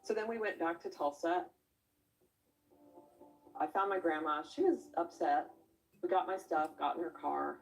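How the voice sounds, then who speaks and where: Interviewee: woman, former camper, lowish voice, reflective pauses, distant mic. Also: animated, creaky, faint music behind. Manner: reflective, halting storytelling. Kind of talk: documentary interview.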